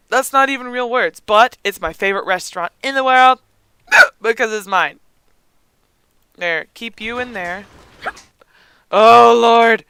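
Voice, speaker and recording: A young man with the hiccups talks through a game at a slow, unhurried pace, his voice bright and smooth. He gasps, yelps and chats to the characters on screen, and the sound is dry and close. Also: very high voice, no room sound. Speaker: let's play gamer. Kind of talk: gameplay commentary.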